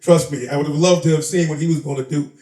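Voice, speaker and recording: This rapper and comedian from the Bronx, New York, speaks fast in a mellow, somewhat high voice with fairly even intonation. Sitting as an interview guest at a live shop event, he spins lively, streetwise stories, laughing and mimicking the people involved. The sound is roomy and he's somewhat distant from the microphone.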